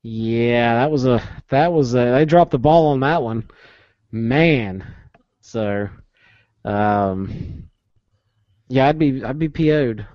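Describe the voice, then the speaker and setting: A man's voice: medium pitch, slow, pauses often, dry recording. A man with a US East Coast accent, co-hosting a podcast in casual chat and acting out quotes as he tells stories. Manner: animated storyteller, acts out quotes. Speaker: podcast co-host. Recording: dull, lo-fi dry sound.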